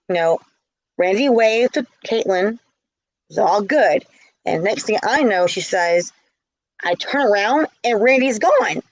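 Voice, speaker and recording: A woman's voice: medium pitch, no echo, low-quality recording. A middle-aged woman telling a story in a casual vlog, heated and indignant. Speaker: vlogger.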